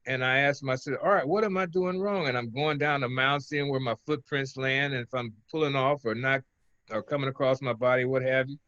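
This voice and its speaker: Older man guest, relaxed rambling storyteller, dry close mic, muffled lo-fi sound. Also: medium pitch, brisk, no room sound. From Oakland, California. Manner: relaxed, rambling, chuckles between stories. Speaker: interview guest, former pitcher. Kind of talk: casual interview storytelling.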